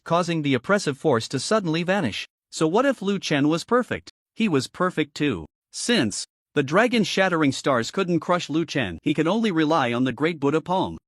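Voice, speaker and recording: Animated male story narrator, dry sound. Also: a little high, dry recording.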